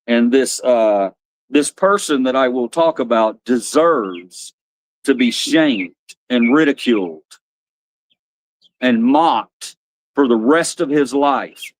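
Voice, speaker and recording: A man hosting a casual livestream, rambling, blunt and quick to swear. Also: mid-range voice, lively intonation, dry recording. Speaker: livestream host.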